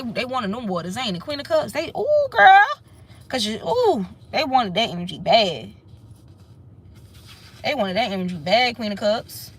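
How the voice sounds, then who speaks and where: A woman's voice: mid-range voice, sharp tone, husky. A woman giving a casual tarot reading, sassy and emphatic, swearing and repeating her points. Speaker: tarot reader.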